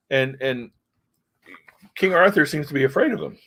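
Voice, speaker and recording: A man's voice: fairly high pitch, animated, normal speed. A middle-aged man from the United States chatting casually about comics, rambling and hesitant but frank. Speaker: comic review host. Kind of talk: casual chat.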